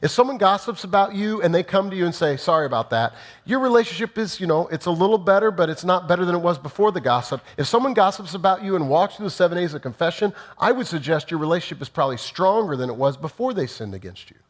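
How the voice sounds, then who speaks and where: A man's voice: high-pitched, expressive, fast talker, few pauses. A middle-aged man, a pastor, giving an earnest, plainspoken teaching sermon and acting out sample apologies.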